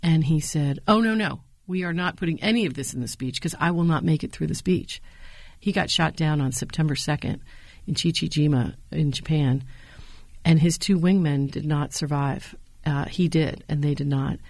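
A middle-aged woman with a low, grounded voice recalls her speechwriting years in a dry, close recording. She tells stories with energy and lifts her voice to act out what others said. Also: moderate pace, no room sound. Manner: animated storyteller, acts out quotes. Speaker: former presidential speechwriter and university lecturer. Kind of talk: interview answers, storytelling.

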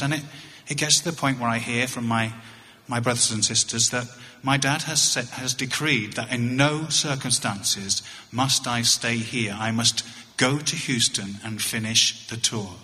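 A man's voice: mid-range voice, sharp tone. Wry English man telling a story. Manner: halting, wry, repeats words. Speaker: touring comedian. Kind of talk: storytelling stand-up. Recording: echoey hall.

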